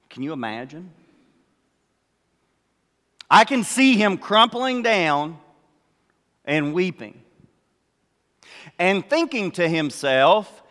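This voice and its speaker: An older man preaching a sermon, telling the story slowly and acting out what the characters say. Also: fairly high pitch, big pitch swings, fairly bright tone, in a large hall. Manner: slow storytelling, acts out the characters' words. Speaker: pastor.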